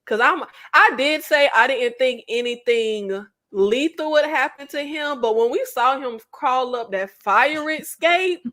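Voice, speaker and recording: A woman's voice: high-pitched, expressive, measured pace, a bit bright. Emphatic, slangy woman panel guest. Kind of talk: live recap chat.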